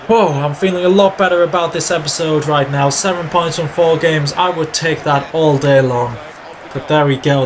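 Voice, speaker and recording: A man hosting a gaming video, giving chatty play-by-play of his own match and breaking into excited shouts when goals go in. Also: on the high side, noisy background. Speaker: gaming channel host. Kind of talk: video game commentary.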